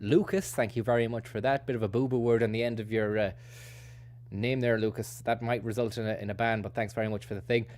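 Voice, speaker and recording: A man's voice: lowish voice, fairly even intonation, fast, darkish tone, a little hiss or hum. A man hosting a stream, rambling through casual, self-mocking commentary with sweary asides. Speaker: streamer host.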